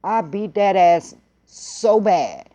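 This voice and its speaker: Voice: medium pitch, animated, takes it slowly, warm tone. A vlogger telling a story in a blunt, heated way and swearing freely. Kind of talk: casual profane storytelling.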